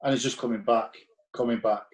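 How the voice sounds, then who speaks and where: A man of ordinary middle pitch, a former footballer, spins anecdotes in a blunt, profane manner. He acts out the dialogue of the people in his stories as he goes. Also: fairly even intonation, a little fast, poor audio. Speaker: former footballer, podcast guest. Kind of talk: casual anecdotal storytelling.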